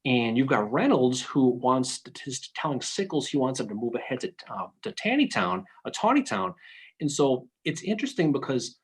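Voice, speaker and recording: A man's voice: medium pitch, fairly quick, hardly any pauses, husky. A man talking through a history topic on a casual podcast, thinking aloud with frequent restarts. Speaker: podcast panelist.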